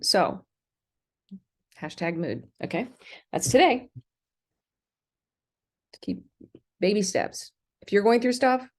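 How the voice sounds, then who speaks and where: A middle-aged American woman delivering a rambling, indignant vlog rant, full of ums and restarts. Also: fairly low pitch. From United States. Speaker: vlogger. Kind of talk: ranting livestream monologue.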